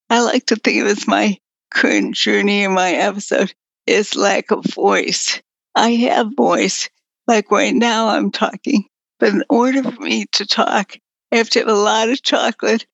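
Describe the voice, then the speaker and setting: The guest, a woman who is an artist and writer, has a mid-range voice with vocal fry and speaks a little slowly. In this casual interview she's candid and blunt, with mild cursing, and her faint voice fades in and out on a dry, dull lo-fi recording.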